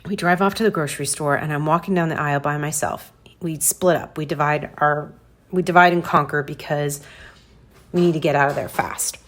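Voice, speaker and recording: A woman's voice: low-pitched, brisk. A woman in her forties hosting a podcast, animatedly telling a personal story to listeners and acting out her own reactions. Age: 40s. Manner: animated, addresses listeners as "you guys", acts out her reactions. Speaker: podcast host.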